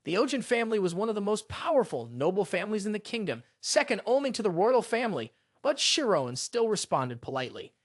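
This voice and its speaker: A narrator reading a fantasy story recap in a steady storytelling manner, close on the mic. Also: mid-range voice, a little fast, few pauses, no echo.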